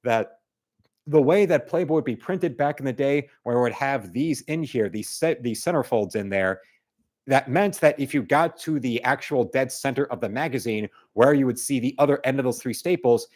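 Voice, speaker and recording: A man hosting a live stream chats casually and reads out viewer comments, his mid-range, darkish voice moving at a moderate pace. His talk rambles, full of fillers and restarts.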